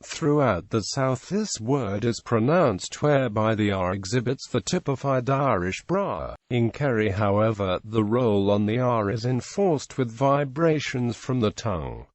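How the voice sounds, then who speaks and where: A man's voice: mid-range voice, expressive, a little slow, few pauses, dry recording. A male synthetic narrator reading an encyclopedia article aloud. He reads the text literally and stumbles over phonetic notation.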